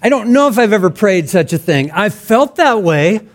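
High-voiced man preaching earnestly. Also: sing-song, normal speed. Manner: earnest, conversational preaching with voiced example prayers. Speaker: pastor. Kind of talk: sermon.

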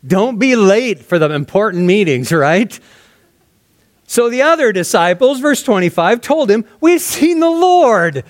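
Man, pastor, verse-by-verse sermon, conversational, soft hushed emphasis, a bit high-pitched. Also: expressive, unhurried. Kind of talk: expository sermon.

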